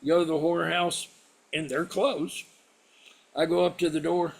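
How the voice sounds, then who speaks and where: Gravelly, profane man spinning sea yarns. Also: on the high side, normal speed, bright, forceful tone. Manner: salty, profane yarn-spinner. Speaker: interview guest, former sailor. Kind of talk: casual storytelling.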